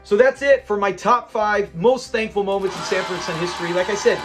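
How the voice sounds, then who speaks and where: A man's voice: sits high, brisk, a bit bright, soft background music. A man hosting a classic TV reaction channel, talking in an enthusiastic, rambling and sentimental way. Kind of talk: casual commentary.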